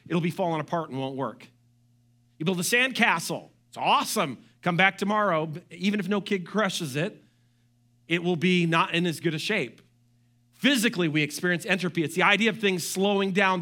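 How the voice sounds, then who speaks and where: A middle-aged man preaching a sermon as pastor, animated, with joking asides and quoted voices. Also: high voice.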